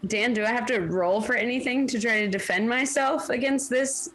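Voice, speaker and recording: A woman's voice: on the high side, normal speed, a bit bright. A woman playing a tabletop game, hesitant and questioning as she describes her character. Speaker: player.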